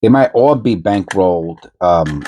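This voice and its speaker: A man with a fairly low voice talks off the cuff as he hunts through coins. He rambles, repeats words and corrects himself on the fly, and he breaks into excited asides now and then. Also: unhurried, slight background noise. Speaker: coin roll hunting channel host. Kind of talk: casual chat while searching coins.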